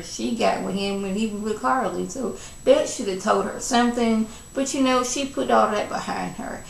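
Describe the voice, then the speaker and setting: A woman's voice: mid-range voice, vocal fry. Chatty woman recapping a reality show. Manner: chatty, opinionated, acts out quotes with sassy asides. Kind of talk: casual episode recap. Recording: echoey room with background noise.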